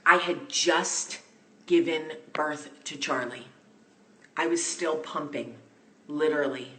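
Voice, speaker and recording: Woman gushing a story on a phone stream, low voice, echoey apartment. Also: takes it slowly. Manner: excitable, gushing, speeds up and gets loud as story builds. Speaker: vlog host. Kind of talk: casual storytelling to viewers. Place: friend's apartment indoors. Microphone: phone live stream. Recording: echoey room.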